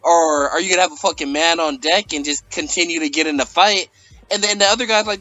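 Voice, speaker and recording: A man's voice: on the high side, fast, sharp tone, low-quality recording. A man hosting a casual, profane chat, telling stories loosely and padding them with fillers. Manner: loose, filler-heavy storytelling. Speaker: host.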